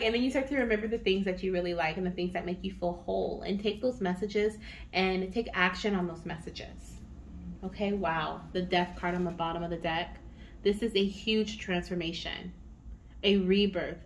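A woman's voice: on the low side, fairly even intonation, moderate pace, a little hiss or hum. A woman giving a tarot reading to her viewers, chatty and encouraging, often checking in with "okay?". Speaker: tarot reader.

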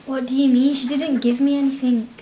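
Teen girl as a gentle, soft-spoken schoolgirl, mellow and slightly high. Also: flat delivery, a little fast, close to an everyday voice. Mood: mild. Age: teens. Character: quiet teenage girl called Paddy. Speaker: amateur youth actor.

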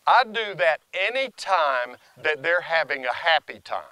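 Older male dog trainer, folksy and animated, voice a bit high, dry close sound. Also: unhurried, clean tone, dry recording. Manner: lively, folksy, praises the dog in a high sing-song. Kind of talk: casual outdoor training vlog.

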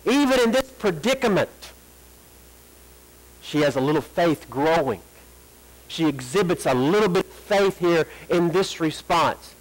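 High-pitched preacher guy in a church, swells up and stretches out the prayer lines. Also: expressive, poor audio. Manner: preaching with rising emphasis, drawn-out quoted prayers. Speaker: pastor. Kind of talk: sermon. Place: church sanctuary.

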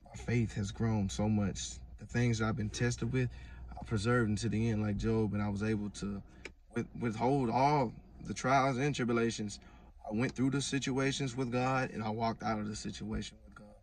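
A man's voice: fairly low pitch, steady tone, normal speed, far from the mic, slight background noise. A man giving a casual, earnest personal testimony, rambling with frequent restarts. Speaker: vlogger giving religious testimony.

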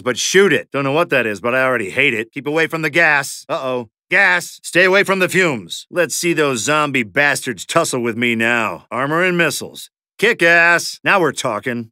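A sardonic, foul-mouthed mercenary from a zombie shooter game, tossing out wisecracks with a bright, edgy tone. His pitch leaps all over the place, and the sound is dry and close. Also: dry recording. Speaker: video game character. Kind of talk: game voice lines.

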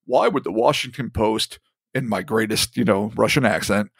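A man's voice: fairly low pitch, moderate pace, slightly rough, dry recording, studio quality. A man co-hosting a podcast in casual chat, rambling and swearing freely as he talks. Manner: profane, rambling and animated. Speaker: podcast co-host.

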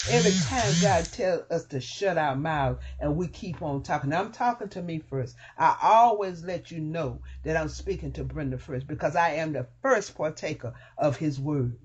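A woman's voice: low voice, a little mellow, breathy edge, lo-fi sound. A woman pastor preaching a fervent radio sermon, repeating praise phrases between points.

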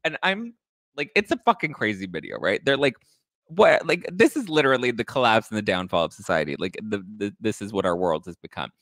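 Animated campy man telling gossip stories. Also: fairly quick, no room sound. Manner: animated, campy, swears freely, acts out quoted people in high voices. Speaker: host. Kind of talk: casual gossip storytelling.

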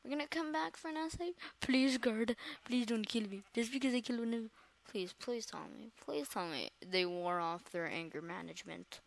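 A woman giving let's-play commentary to her viewers, excitable and dramatic, often repeating words in quick bursts. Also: fairly high pitch, creaky. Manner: dramatic, talks straight to viewers. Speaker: gamer host.

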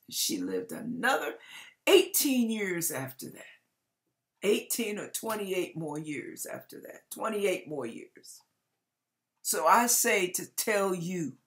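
An older woman preacher giving a dramatic testimony, swinging from loud outbursts to hushed lines in an emphatic, folksy way. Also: on the low side. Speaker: ministry preacher.

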